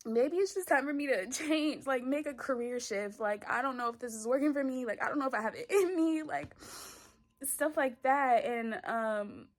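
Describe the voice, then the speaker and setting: A woman's voice: high-pitched, normal speed. Tearful young woman, emotional vlog. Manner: tearful, gushing, talks in bursts with many likes. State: crying on and off. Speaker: vlogger and talk show creator. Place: at home, bedroom.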